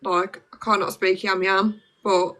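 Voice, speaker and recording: Young black country woman chatting on her phone live, clear bright voice, says like a lot. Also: mid-range voice, flat delivery, unhurried, slight background noise. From Birmingham, England. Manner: chatty, lots of "like" fillers. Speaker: livestreamer. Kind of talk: casual chat on a phone livestream.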